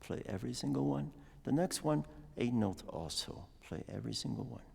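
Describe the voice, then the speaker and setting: Male piano teacher, low gravelly voice with an animated delivery, giving a master class in a reverberant concert hall. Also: normal speed. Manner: sings rhythms aloud and explains patiently.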